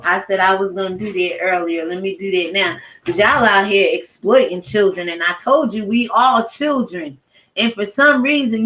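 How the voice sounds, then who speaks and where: A woman's voice: medium pitch, a bit bright, poor audio. A woman giving a heated, profane rant as a YouTube commentator, speaking emphatically. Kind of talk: angry rant to camera.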